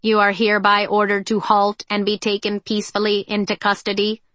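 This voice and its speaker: A woman's voice: medium pitch, completely flat delivery, fairly quick, fairly bright tone, no echo, lightly acted. A woman reading a formal police android. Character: flat-voiced police android over a loudspeaker.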